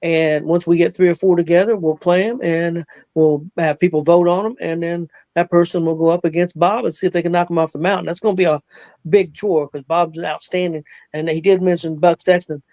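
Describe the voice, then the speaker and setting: A man hosting a casual chat show, speaking haltingly with many fillers as he welcomes a guest. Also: a little high, fairly even intonation, a little mellow, no room sound. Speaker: podcast host.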